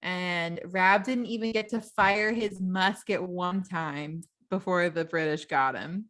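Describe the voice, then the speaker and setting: A woman co-hosting a book club podcast, chatting casually and retelling the plot with quick asides and frequent laughter. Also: lowish voice, a bit bright. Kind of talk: casual chat.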